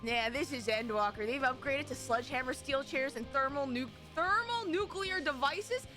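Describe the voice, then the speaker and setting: Young woman streaming, really high voice, goes all dramatic and rambly, faint game music behind. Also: normal speed. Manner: excitable and dramatic, rambling with restarts. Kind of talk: casual live-stream chatter.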